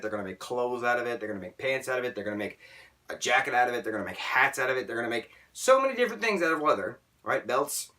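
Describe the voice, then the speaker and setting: A man talking casually in an opinion vlog, emphatic and animated, often checking in with "right?". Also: mid-range voice. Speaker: vlogger. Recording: voice a bit distant from the mic.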